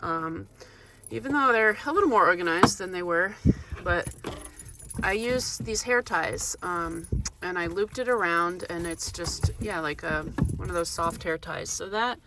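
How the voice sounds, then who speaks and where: A woman's voice: fairly low pitch, a little slow, heavy background noise. A woman with a cold talking casually through a cooking vlog in her van, rambling with frequent ums and restarts. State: has a cold. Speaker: vlogger. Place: inside a parked van.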